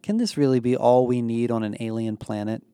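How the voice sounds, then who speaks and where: A man's voice: mid-range voice, fairly even intonation, brisk, mellow, clear, resonant tone, no room sound, lightly acted. A man voicing a skeptical teenage girl who complains and questions everything. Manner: suspicious, complaining.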